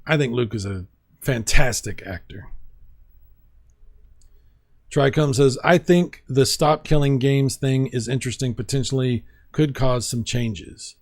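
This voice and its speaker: A man's voice: mid-range voice, measured pace. A man hosting a casual video game livestream, reading viewer comments aloud with playful asides and frequent laughs. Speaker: livestream host.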